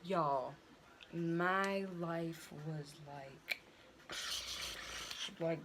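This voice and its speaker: A woman's voice: low-pitched, drawn-out words, a bit bright, a little hiss or hum. A teenage woman telling a casual storytime to her viewers, chatty and full of slang and fillers. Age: teens. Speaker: vlogger.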